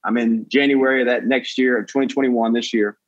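A young man with a Southern US accent, a comedian guest telling animated stories in casual chat and saying "dude" a lot. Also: mid-range voice, brisk, dry recording, dull audio. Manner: animated, says "dude" often, jumps into quoted voices.

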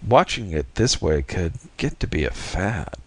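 A man's voice: medium pitch, very animated, a little slow, fairly bright tone. A man reading as a young bearded beatnik poet-repairman, cocky and slangy, with a self-assured drawl. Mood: casual, gloomy.

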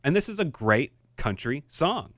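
A man's voice: on the high side, big pitch swings, a little slow, fairly bright tone, no room sound, studio quality. A young man co-hosting a casual podcast chat, playful and fond of crude jokes. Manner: jokey, playful banter. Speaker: podcast co-host.

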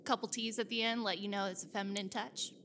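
Loud-mouthed young woman hustler, bragging, blunt, bright, played by a woman. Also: mid-range voice, fairly even intonation, quick pace, slight background noise, natural voice. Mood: boastful. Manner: pushy, boastful, blunt. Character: brash young woman hustler boasting of junk treasure.

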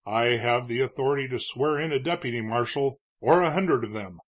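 A man's voice: mid-range voice, fairly quick, natural voice. A man voicing an elderly, shrewd town judge who speaks in an earnest, pleading way. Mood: worried. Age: older.

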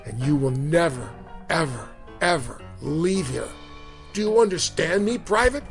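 A man voicing a menacing Marine drill sergeant who hisses low taunts and bellows threats, over music. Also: animated, a little slow. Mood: roaring.

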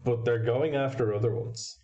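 A man's voice: medium pitch, fairly even intonation, normal speed, mellow, lo-fi sound. A man in casual podcast chat, rambling through points with many restarts and a wry tone.

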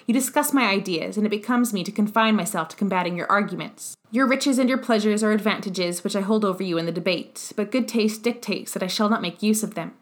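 A woman reading the part of a dying old male revolutionary, bitter and fierce, in an even, measured way. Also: medium pitch, natural voice. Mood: indignant. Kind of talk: audiobook character reading.

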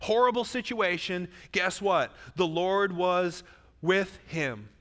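A man preaching a sermon in a church, lively and joking, with asides to the congregation. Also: high-pitched, takes it slowly, in a large hall. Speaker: pastor.

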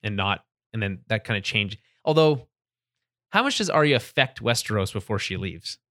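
A man's voice: on the low side, expressive, moderate pace, pushed and bright, dry recording, studio quality. A man co-hosting a podcast, chatting casually about a TV episode, laughing often and restarting sentences. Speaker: podcast co-host. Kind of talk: casual chat recapping a TV episode.

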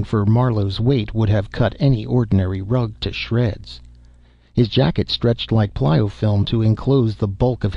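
A man narrating an audiobook in a measured, even way, in a dull recording. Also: lowish voice, vocal fry, no echo. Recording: dull, dry close-mic audio.

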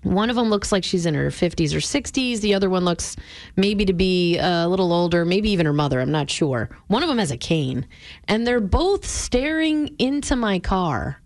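A woman's voice: on the low side, animated, normal speed, a little mellow, no echo. A woman radio host telling a story in casual, chatty on-air banter from a studio. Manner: chatty, storytelling, laughs easily. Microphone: studio mic.

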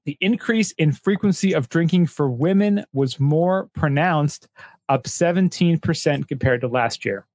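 A man's voice: a little high, unhurried, a little mellow, no echo. A man co-hosting a podcast in casual chat, joking and riffing on bits. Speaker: podcast co-host.

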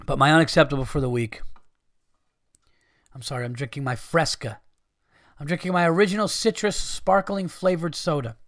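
A podcast host rants casually, swearing freely and sounding exasperated. His voice is gravelly and sits somewhat high for a man. The recording is dry and close to the mic. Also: a bit bright, dry recording. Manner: profane, exasperated. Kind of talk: casual ranting monologue.

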